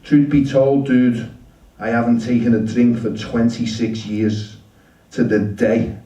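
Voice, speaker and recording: Man voicing a friendly loud American guy, sober for years, higher voice, calls everyone buddy, echoey room, distant mic. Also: level tone, unhurried, highs cut off, natural voice. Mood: earnest. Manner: upbeat, familiar, calls people buddy and dude. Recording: roomy shop, mic at a distance.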